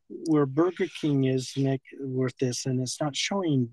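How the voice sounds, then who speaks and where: A middle-aged man talking in a halting, rambling way with nervous laughter. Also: mid-range voice, fairly even intonation, mellow, dry recording, poor audio. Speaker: confronted man. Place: parked car outside a fast-food restaurant.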